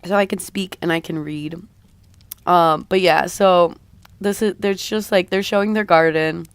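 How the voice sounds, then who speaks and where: A woman's voice: on the low side, fairly even intonation, unhurried, clear, resonant tone, no room sound. A woman streamer with a slightly raw voice, chatting casually with her viewers in a rambling, hesitant way. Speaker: streamer and artist. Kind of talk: casual live-stream chat.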